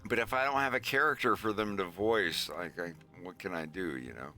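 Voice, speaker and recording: A man's voice: low-pitched, fairly quick, sharp tone, faint music behind. A man streaming casually, talking in a rambling, profane way. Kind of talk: casual chat.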